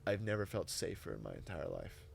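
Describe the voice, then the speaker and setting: A young man, a podcast guest, telling a personal testimony in casual, animated, emotional conversation full of "like" and "dude". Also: deep voice, brisk, gravelly, a little hiss or hum.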